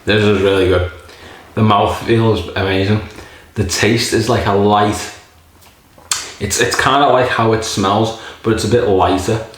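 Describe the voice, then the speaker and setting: A man's voice: lowish voice, fairly even intonation, a little slow. A man casually reviewing a beer in a rambling, jokey way, swearing often. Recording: very echoey room.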